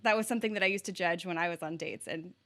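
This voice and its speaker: A woman from Virginia hosting a casual interview, chatty and animated, laughing easily as she tells stories. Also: on the low side, racing. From Virginia, USA. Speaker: podcast host.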